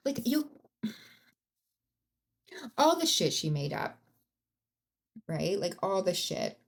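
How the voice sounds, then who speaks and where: A woman's voice: lowish voice, big pitch swings, takes it slowly, pauses often. A woman hosting a podcast, telling a true-crime story in a casual, blunt and profane way, with rising outbursts. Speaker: podcast host.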